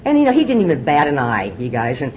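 A woman's voice: low voice, wildly swooping pitch, fast, a little mellow, lo-fi sound, a little hiss or hum. A middle-aged woman speaking from a podium at a recovery meeting, telling her story candidly and often repeating words as she restarts. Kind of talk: personal testimony talk.

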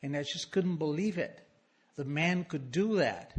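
A man's voice: fairly high pitch, lively intonation, measured pace, husky. A middle-aged man from Argentina with an Argentine Spanish accent, telling a wry, self-mocking story to a live audience on a stage microphone.

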